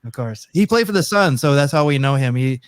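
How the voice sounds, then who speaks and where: A man chatting casually, with quick asides in the middle of his sentences. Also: medium pitch, expressive. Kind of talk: casual chat.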